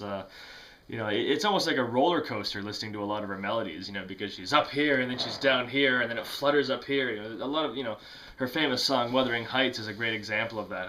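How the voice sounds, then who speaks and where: A man's voice: mid-range voice, pushed and bright. A man talking casually to camera about music he loves, rambling with lots of fillers, restarts and self-mocking asides. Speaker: music vlogger.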